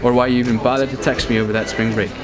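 A man's voice: medium pitch, little pitch movement, very fast. A young man in his twenties, a groom, reading a love letter and his wedding vows in a tender, earnest way. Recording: with music playing over it.

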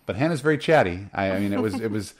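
Guy cohosting a book podcast, joking around, does little voices for characters, lowish voice. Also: expressive, quick pace. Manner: playful, acts out lines in silly voices. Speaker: podcast co-host. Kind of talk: casual book-club chat.

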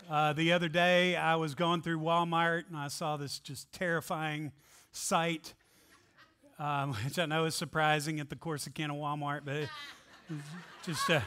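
A man preaching as pastor, joking with his congregation and reading scripture aloud in an animated way. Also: a little high, measured pace. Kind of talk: sermon. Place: church sanctuary.

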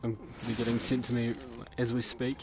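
A young man streaming a horror game live, cursing constantly and yelling when something startles him. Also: mid-range voice, completely flat delivery, moderate pace, background noise. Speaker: gamer streamer. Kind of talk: live gameplay commentary.

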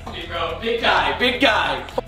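A man's voice: high-pitched, animated, moderate pace, echoey room, over loud music. A young man arguing in a mocking, dismissive way, swearing as he talks. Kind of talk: casual argument.

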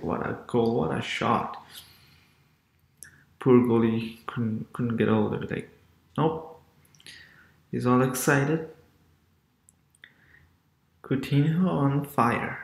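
A man giving excited casual reaction commentary as a sports vlogger, exclaiming often. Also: medium pitch, vocal fry, reverberant.

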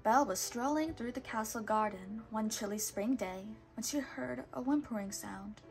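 A woman reading a children's storybook aloud in a steady, patient way, now and then correcting a word. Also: on the high side, normal speed, gravelly, soft background music. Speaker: storybook reader.

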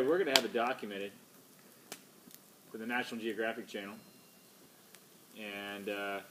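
A man's voice: mid-range voice, a little hiss or hum. A tired man hosting a casual vlog outdoors by a fire at night. He jokes and rambles as he talks. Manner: joking, rambling. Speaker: vlogger host.

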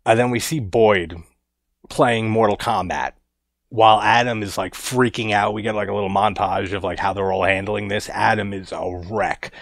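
A man's voice: fairly low pitch, a bit bright, dry recording. A man casually reviewing a horror movie, laid-back and chuckling as he recounts scenes.

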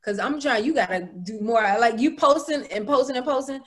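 A woman's voice: a little high, a little fast. A woman hosting a casual chat, enthusiastic and chatty. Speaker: host.

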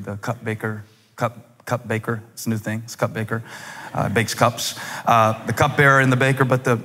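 A male pastor preaching an impassioned sermon with humor, at times breaking into shouts. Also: mid-range voice, husky. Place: large church auditorium. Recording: long hall reverb.

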